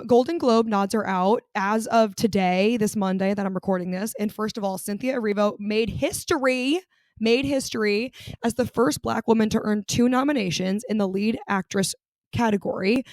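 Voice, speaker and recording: A young adult woman hosting her own podcast, chatting casually and gossiping with lively jumps in pitch. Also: normal speed, dry recording, studio quality. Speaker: podcast host. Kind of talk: casual solo podcast chat.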